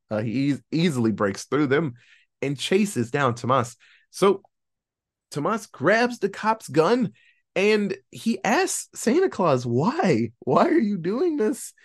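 A man casually recapping a horror movie plot on a podcast, swearing freely and reading out his own notes. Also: fairly high pitch.

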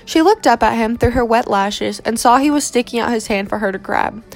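A woman reading a romance novel aloud in steady, measured narration. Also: fairly high pitch, soft background music.

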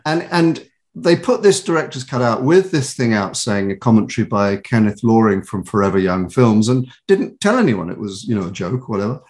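Lively british man telling stories. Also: fairly low pitch, a little fast. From England. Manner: animated storyteller with many restarts and laughs. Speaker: guest, voice actor and author. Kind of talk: casual interview chat.

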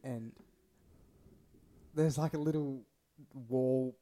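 A man's voice: medium pitch, steady tone, very slow, warm tone, slight background noise. A young man, a podcast co-host telling rambling, sweary stories in casual chat.

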